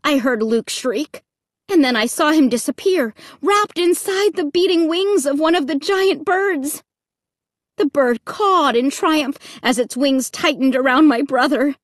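A woman reads a first-person audiobook with dramatic expression, her voice high and her pace unhurried. The recording is dry and close, with no room sound. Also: no room sound. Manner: dramatic, expressive reading with shrieks. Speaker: audiobook narrator.

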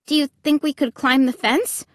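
A woman's voice: sits high, steady tone, normal speed, dry recording, studio quality, voice pushed up, lightly acted. A woman voicing a frightened young girl who cries out, reading from a storybook. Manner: anxious, crying out.

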